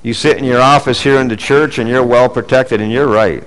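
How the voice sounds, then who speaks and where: A middle-aged man preaching a sermon as pastor, earnest, rising for emphasis and dropping low and quiet for asides. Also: fairly even intonation, fairly quick, clear, resonant tone, rough recording.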